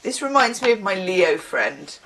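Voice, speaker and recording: A woman's voice: medium pitch, sing-song, a little slow, fairly bright tone, poor audio. A woman giving a casual tarot reading, chatting in musing asides and reading card texts aloud. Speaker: tarot reader.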